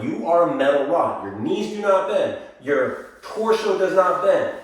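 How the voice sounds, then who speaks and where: A male dance instructor teaching a lesson, calling out counts in a singsong rhythm and explaining the drills. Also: a little high. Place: dance studio. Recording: echoey studio, voice from far off.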